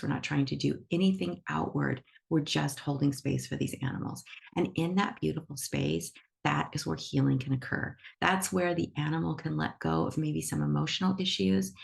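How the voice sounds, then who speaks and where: A woman with a deep, strongly creaky voice leads an online class on a video call. She teaches in an enthusiastic, emphatic manner. She stays upbeat and energetic while she explains. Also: normal speed, few pauses. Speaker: animal reiki teacher. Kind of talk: instructional talk to an online class.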